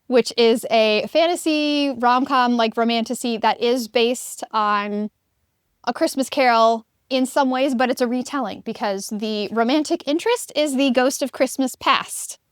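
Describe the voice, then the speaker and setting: A woman co-hosting a casual book podcast, talking things through in a chatty, reflective way. Her voice is smooth and clear and sits a little high. The sound is dry and close, with no room around it. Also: unhurried, no echo. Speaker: podcast co-host.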